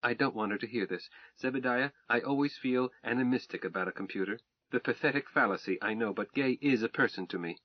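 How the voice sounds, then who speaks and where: A man's voice: mid-range voice, fairly quick, dry recording, lightly acted. A man reading a math-minded young wife in an audiobook, earnest and precise as she recites calculations, on a dull, dry recording.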